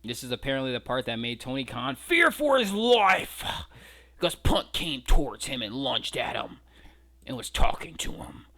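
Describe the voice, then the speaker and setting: A man's voice: mid-range voice, sing-song, moderate pace, bright, forceful tone. A man giving a casual, incredulous breakdown of fight footage, mocking and swearing freely. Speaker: wrestling commentary vlogger.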